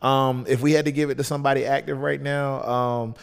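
A man's voice: mid-range voice, flat delivery, a little fast, vocal fry, smooth. A man with a Southern US accent talks casually as a guest, rambling through his thoughts with plenty of fillers and restarts. His voice rings with a long hall reverb. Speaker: podcast guest. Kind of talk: casual chat.

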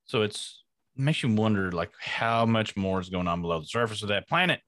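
Low-voiced man bantering on a podcast. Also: lively intonation, moderate pace, a bit bright, no echo, studio quality. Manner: laughs easily, banters. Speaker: podcast co-host. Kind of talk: casual chat.

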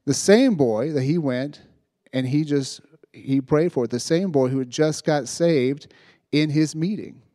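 Animated man telling a sermon story. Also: fairly high pitch, a little slow, no room sound, studio quality. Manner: animated retelling, acting out voices, frequent "right?". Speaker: youth preacher.

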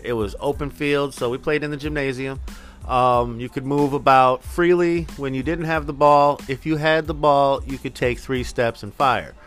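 A man's voice: mid-range voice, fairly bright tone, clean tone. A man from Minnesota hosting a casual solo podcast, talking in a loose, profane, rambling way. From Minnesota, US Midwest. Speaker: podcast host.

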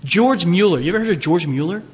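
Animated high-voiced male preacher. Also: quick pace, breathy edge, big-room sound. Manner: conversational, animated, joking asides to the congregation. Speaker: pastor. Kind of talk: sermon.

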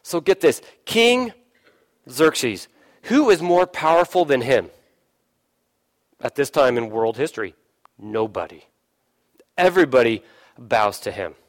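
A man's voice: measured pace, pauses often. A man preaching a sermon, putting questions to his listeners and briefly acting out voices from the story. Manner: lively preaching, asks the listeners questions, acts out voices, drops low for emphasis. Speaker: pastor.

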